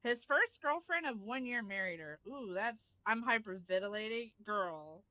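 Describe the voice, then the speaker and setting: A woman streamer giving live gameplay commentary, excitable and quick to shriek and laugh, repeating "hold up" and "girl". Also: fairly high pitch, no echo.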